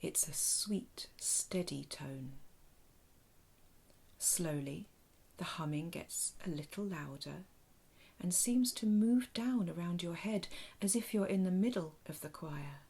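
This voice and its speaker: Woman narrating a children's imagination story, low, slow, gravelly, hushed. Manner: soft, hushed, often half-whispered delivery.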